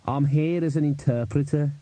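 A man's voice: on the high side, normal speed, warm tone, no room sound, lightly acted. Man voicing a fussy, nervous talking raven. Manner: chatty, pedantic trivia-spouting. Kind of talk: audiobook character voice.

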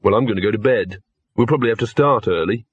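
A man's voice: on the low side, quick pace, breathy edge, no room sound. A man voicing an earnest, puzzled young man in a storybook reading. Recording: dull lo-fi audiobook recording.

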